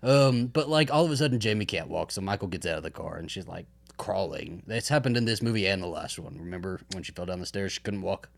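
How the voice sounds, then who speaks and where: A man's voice: deep voice, fast talker, vocal fry, few pauses. A man co-hosting a podcast, chatting about horror films in a loose, swearing, often laughing way. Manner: animated, swears, laughs often, acts out quotes. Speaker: podcast co-host. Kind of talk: casual movie chat.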